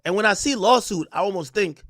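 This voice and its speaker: A man's voice: sits high, brisk, dry recording, clean studio sound. A young adult man hosting a casual livestream, reading chat aloud and ranting in slangy talk. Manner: animated, slangy, reads chat aloud and rants.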